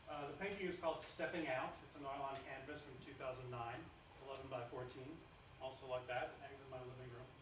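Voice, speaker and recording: A man speaks to a live audience in a relaxed, chatty way, dropping light jokes as he introduces the music. His mid-range voice carries from some distance away. The room is reverberant, and steady background noise runs beneath him. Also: medium pitch. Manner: chatty and informal, with light joking asides. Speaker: violinist introducing pieces at his own concert. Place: concert room in a historic house, indoors. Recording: roomy, distant, noisy live recording.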